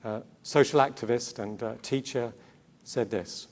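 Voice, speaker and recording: A man giving a sermon-style talk to a Christian gathering, earnest, asking rhetorical questions and repeating key words. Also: mid-range voice. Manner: quick asides and self-corrections. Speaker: conference speaker.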